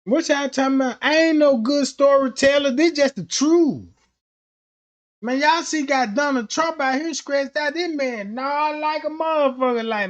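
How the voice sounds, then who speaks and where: A man's voice: very high voice, moderate pace. Rambling, profane man telling stories. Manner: profane, rambling, laughing, slangy. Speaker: livestream host. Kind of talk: comedic storytelling rant.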